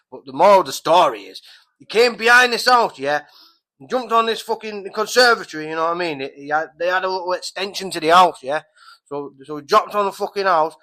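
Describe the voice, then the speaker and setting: Sitting at home by a street-facing window, a man rambles through a swear-heavy storytelling monologue for his podcast, restarting often and using lots of fillers. His voice is on the high side, bright and forceful, with poor audio.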